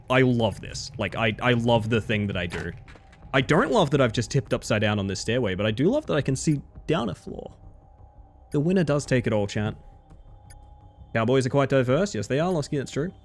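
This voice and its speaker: Chatty man rambling on a live stream. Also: medium pitch. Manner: rambling, full of "like" and "you know". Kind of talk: casual live-stream chat.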